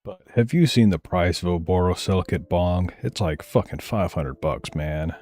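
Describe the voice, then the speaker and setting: A man's voice: deep voice, normal speed, a little mellow. A man commentating on a live stream, rambling in a loose, profane way with mumbled asides.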